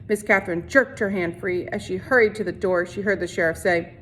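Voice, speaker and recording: A female teacher reads a novel aloud to her class in a steady, unhurried storytelling voice of fairly low pitch. Now and then she stumbles and restarts the phrase.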